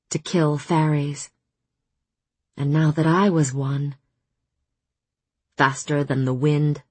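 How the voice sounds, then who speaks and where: Female audiobook narrator, low husky voice, measured first-person fantasy reading. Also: no echo.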